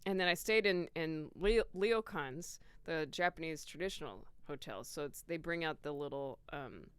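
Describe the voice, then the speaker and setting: A woman comedian on a podcast, talking casually in a giggly, rambling, animated way. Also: deep voice, normal speed, clear, resonant tone, no room sound. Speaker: guest comedian.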